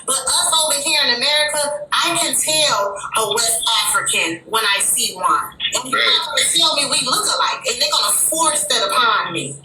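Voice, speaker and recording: A woman from Chicago in a heated casual discussion, talking emphatically and indignantly, sometimes shouting. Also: high-pitched, lively intonation, moderate pace, few pauses, distant mic, slight background noise. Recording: roomy and off-mic.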